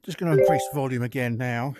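A man with a mid-range voice talks fast over loud music, a VR gaming content creator giving casual commentary as he plays and thinking aloud while tweaking settings. The headset's built-in mic catches loud cricket crowd noise and bat clicks from the game over his voice.

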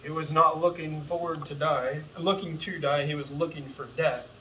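A man's voice: on the high side, fairly even intonation, moderate pace, pushed and bright, recorded from a distance, slight background noise, poor audio. A man preaching an earnest, impassioned sermon as pastor, calling his listeners folks. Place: church sanctuary.

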